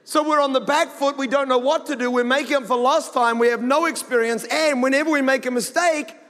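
A New Zealand man preaching from the stage, his voice sitting high for a man. He talks in a loose, joking, story-driven way. The sound rings with the long tail of a big hall. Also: fairly even intonation, brisk, fairly bright tone. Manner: conversational, humorous storytelling. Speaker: pastor. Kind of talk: sermon.

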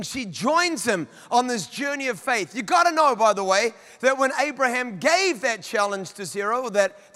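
A male pastor reading scripture and preaching, animated and talking straight to his congregation in a church. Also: very high voice. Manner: animated, addresses the congregation directly. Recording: long hall reverb.

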